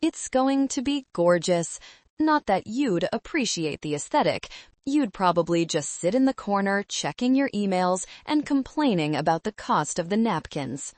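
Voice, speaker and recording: A woman's voice: mid-range voice, very animated, normal speed, darkish tone, dry recording, natural voice. A woman voicing a scornful young bride-to-be who talks down to people in a sneering, condescending way.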